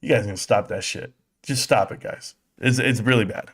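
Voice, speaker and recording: A man's voice: on the low side, moderate pace, a bit bright, slightly rough. A middle-aged man hosting a casual live stream, brash and joking as he trash-talks, out of breath.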